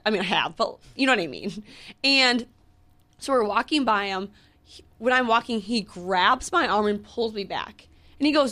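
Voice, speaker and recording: A woman's voice: medium pitch, expressive, fairly quick, fairly bright tone. A young woman in her twenties co-hosting a podcast, telling a story in casual chat with lots of fillers and quoted back-and-forth. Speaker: podcast co-host.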